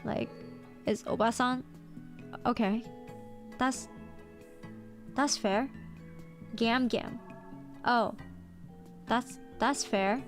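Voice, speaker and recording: Excitable American woman streamer, high voice, casual chat over soft background music. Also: drawn-out words, pauses often. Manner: excitable and playful, squeaky outbursts. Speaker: VTuber streamer. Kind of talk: casual livestream chat, reading chat aloud.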